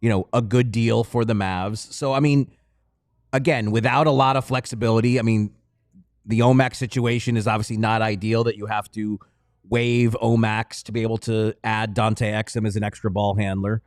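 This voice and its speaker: A man co-hosting a sports podcast, explaining in a measured, detailed way. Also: lowish voice, level tone, dry recording, studio quality. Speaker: podcast co-host. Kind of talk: casual sports podcast analysis.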